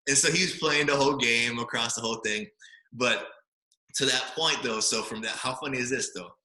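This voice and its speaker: A former quarterback in his forties from Hawaii guests on a podcast, telling stories in a lively, casual interview. His mid-range voice runs a little fast, packed with fillers and "right?" tags. The recording has a roomy echo.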